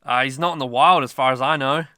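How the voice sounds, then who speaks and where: Man, casual game commentary, chatty, rambling, forceful tone, dry close sound. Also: medium pitch, fast, clear, resonant tone, no room sound. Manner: chatty and rambling, self-mocking asides. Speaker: mobile game YouTuber.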